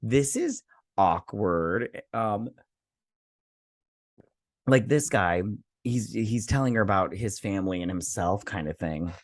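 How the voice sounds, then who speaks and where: A man with a fairly low voice talks through a TV episode in a loose, rambling recap, full of fillers and offhand swearing. The sound is dry and close, with no room around it. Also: measured pace, pauses often, dry recording. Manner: rambling, chatty, with frequent fillers and mild swearing. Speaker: show host reviewing a TV episode. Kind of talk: casual episode recap and review.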